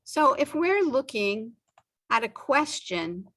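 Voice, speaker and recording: Very slow, careful woman teacher. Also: medium pitch, animated, a bit bright. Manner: stretches out example sentences, pausing often. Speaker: English teacher. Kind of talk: slow, deliberate ESL lesson.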